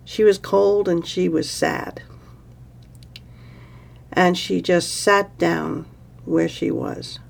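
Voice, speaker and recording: Woman storyteller, relaxed conversational delivery, gravelly tone. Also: lowish voice, takes it slowly, pauses often. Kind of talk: oral storytelling.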